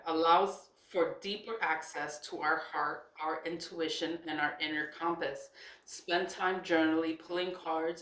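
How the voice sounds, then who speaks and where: A woman's voice: low-pitched, fairly bright tone. Chatty woman in an echoey room. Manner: chatty and rambling, repeats herself, laughs often. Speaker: spiritual vlogger. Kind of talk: casual chat reading out questions. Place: indoor room at a laptop.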